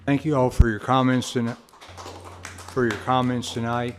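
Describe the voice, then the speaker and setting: A man, chairing a public hearing in a polite, halting way. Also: medium pitch, level tone, noisy background. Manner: polite, halting, repeats "okay" and "yes, ma'am". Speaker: commission chair. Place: council meeting room.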